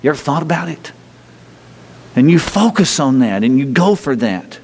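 A man's voice: medium pitch, very animated, normal speed, vocal fry, darkish tone, a little hiss or hum. A pastor preaching a sermon in a conversational way, often restarting phrases and chuckling as he talks to the congregation. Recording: long hall reverb.

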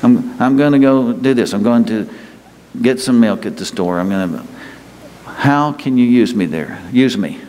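A folksy male pastor gives a conversational sermon in a church sanctuary, joking aside with the congregation. His mid-range, darkish voice has lively intonation and an unhurried pace, and long hall reverb and faint ambient noise fill the recording.

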